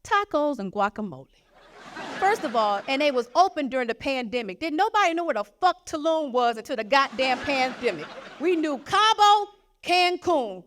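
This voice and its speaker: A young adult woman delivering a stand-up routine with a fairly high voice. She tells profane, animated stories and slips into quoted voices as she goes. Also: a little hiss or hum. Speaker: stand-up comedian. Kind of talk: stand-up comedy.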